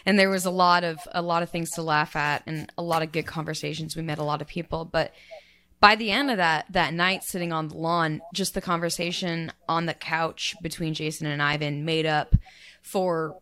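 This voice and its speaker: A woman on a podcast reminiscing emotionally in casual chat, with many fillers and pauses. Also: low voice, steady tone, fairly bright tone. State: tearful.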